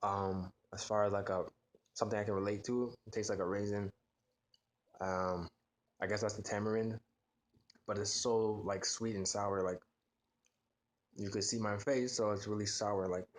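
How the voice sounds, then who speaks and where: A man with a fairly low voice talks through a taste test in a loose, casual way. He reacts with frequent exclamations and fills his pauses with ums and likes. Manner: relaxed, filler-heavy reactions with frequent exclamations. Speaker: food vlogger.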